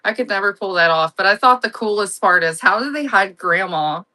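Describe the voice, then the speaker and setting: Chatty woman host for a live online sale, bright and gushing, telling rambling stories between lots. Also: medium pitch, lively intonation, a little fast. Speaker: live online auction seller. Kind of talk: casual live-selling chat.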